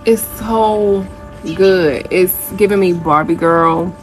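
Slow-talking, gushing woman vlogger. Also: on the low side, faint music behind, low-quality recording. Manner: gushing and chatty, addresses viewers as y'all. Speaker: vlogger reviewing perfume. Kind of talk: casual product review vlog.

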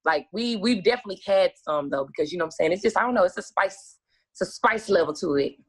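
A woman's voice: mid-range voice, lively intonation, fast talker, husky. A woman guest telling stories in casual, profane chat, acting out her own past lines and laughing often.

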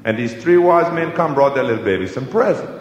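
A man doing excited Cajun Rosa. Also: mid-range voice, brisk, muffled recording, close to an everyday voice. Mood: eager. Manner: excited, animated storytelling. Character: Rosa, eager Cajun man getting worked up. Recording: echoey hall with music.

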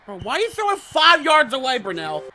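Guy calling his football game as he plays, high bright voice, bounces all over, mutters then yells. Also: brisk, slight background noise. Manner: swings from low muttering to excited shouts; casual slangy trash talk. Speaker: gaming channel host. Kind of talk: live gameplay commentary.

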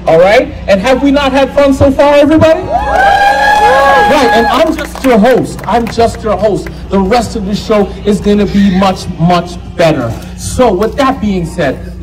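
Stand-up host, man in his thirties, very high and lively voice, live crowd audible. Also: low-quality recording. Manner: loud, playful, laughs through lines. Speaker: comedy show host. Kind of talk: stand-up comedy. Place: live comedy show. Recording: live show with audible audience.

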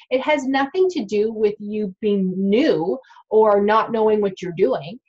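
A middle-aged woman and dental hygienist, talking casually to students in an advice vlog, lively and acting out what patients and dentists say. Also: medium pitch, unhurried, lo-fi sound. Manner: chatty, animated, acts out quoted patients and dentists.

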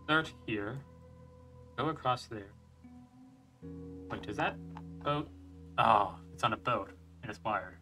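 A man's voice: on the low side, measured pace, long pauses, over music. A man streaming a video game and thinking aloud as he plays, chuckling and restarting his sentences. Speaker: gaming streamer. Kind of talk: let's play commentary.

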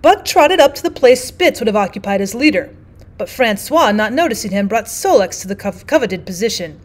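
A woman, a teacher, reading a classic novel aloud in steady, clear audiobook narration. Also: mid-range voice, fairly quick.

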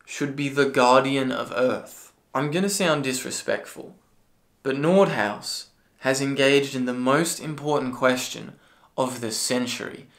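A man delivering a ranting commentary video, sarcastic and profane, now and then bursting into yelling. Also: medium pitch, a little slow. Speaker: political commentary video creator.

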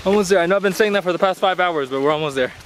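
A man's voice: fairly high pitch, rapid-fire, crowd noise. A man vlogging a trek and a party at a friend's home, laughing and playful, drunk as the day goes on. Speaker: travel vlogger. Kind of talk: casual vlog. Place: outdoors on a mountain trek, then a crowded home.

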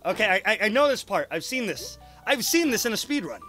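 A young man giving gameplay commentary, excitable, muttering one moment and yelling the next, swearing and talking to his character. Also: sits high, normal speed, soft background music. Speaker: gaming YouTuber.

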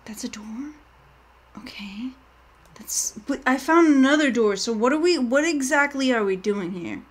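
Woman streamer, high voice, live gameplay commentary, rambling and jumpy. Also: animated, a little slow. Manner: jittery, rambling, often panics and yelps. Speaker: gaming streamer.

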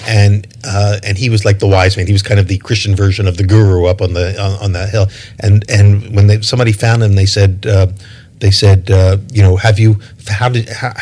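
A middle-aged man speaking reflectively as an interview guest, pausing and restarting his phrases as he thinks. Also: on the low side, flat delivery, a little mellow. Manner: thoughtful, many restarts and repeated words.

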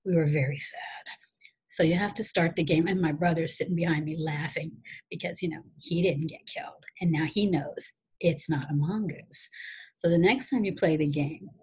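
A middle-aged woman, a teacher, telling a casual, animated story to her students in a chatty way. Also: sits low, normal speed, husky, low-quality recording. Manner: animated, chatty, repeats phrases, acts out shouted quotes.

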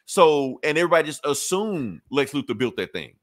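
A man's voice: on the high side, big pitch swings, brisk, crowd noise. A man co-hosting a podcast, casually retelling a comic book plot with profane slang and acting out the characters' lines. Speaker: podcast co-host reviewing comics.

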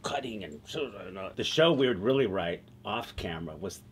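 A middle-aged man, a TV writer being interviewed, telling stories in a lively, conversational way and laughing easily. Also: deep voice, moderate pace, slight background noise. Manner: animated, laughs easily, slips into quoted voices. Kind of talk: conversational storytelling.

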